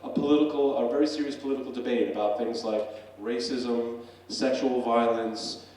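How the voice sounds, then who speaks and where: A man's voice: mid-range voice, fairly even intonation, moderate pace, darkish tone. A middle-aged man, a professor, gives an earnest, conversational public talk from a stage with frequent fillers. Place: stage in a hall. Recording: echoey hall, voice from a distance.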